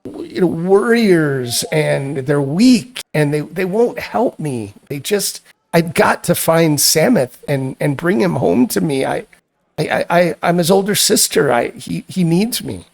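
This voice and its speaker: A man's voice: fairly high pitch, animated, creaky. A man putting on a tearful, stammering young woman. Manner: tearful, halting, stammering pleas. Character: frightened young woman pleading for her kidnapped brother.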